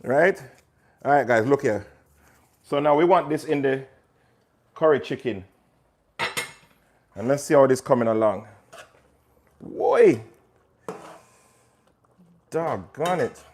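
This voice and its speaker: A man's voice: medium pitch, moderate pace, pauses often, a little mellow, slight background noise. A man hosting a casual cooking livestream, chatting to viewers by name while he cooks in a kitchen. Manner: chatty, talks to viewers by name, pushes his cookbook. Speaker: chef and host.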